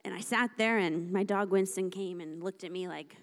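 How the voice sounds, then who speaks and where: A woman's voice: on the low side, normal speed. Woman preacher, sermon, emphatic, conversational, acts out dialogue. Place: church service.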